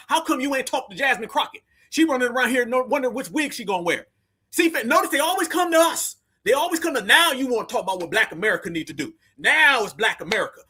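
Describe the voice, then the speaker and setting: A man's voice: extremely high pitch, bright, forceful tone, slightly rough. A man reacting to news clips in heated, slang-heavy commentary, mocking and scolding as he talks.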